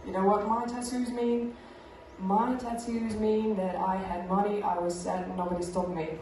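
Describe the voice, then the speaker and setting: A woman's voice: mid-range voice, little pitch movement, moderate pace, warm tone, very echoey, far from the mic, slight background noise, poor audio. Russian-born woman with a British accent. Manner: chatty, self-mocking, hesitant fillers. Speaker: stand-up comedian. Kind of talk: stand-up comedy set.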